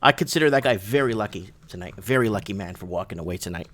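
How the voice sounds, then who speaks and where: A man hosting a casual livestream from his shop, rambling and excitable, often restarting and asking "right?". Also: on the low side, fast talker. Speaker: livestream show host.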